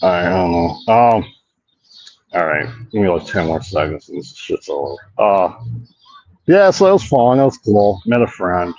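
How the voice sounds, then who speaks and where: A man's voice: deep voice, lively intonation, measured pace, darkish tone, lo-fi sound, slight background noise. A man hosting a casual walk-and-talk vlog outdoors, rambling, swearing a lot and mocking himself. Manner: rambling, profane, self-mocking. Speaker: host. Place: outdoor park.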